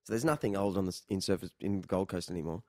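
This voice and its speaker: A man hosting a podcast, telling stories in an animated, casual way. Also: low-pitched, racing, dry recording, studio quality. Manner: animated storyteller. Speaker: podcast host. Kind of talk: casual chat.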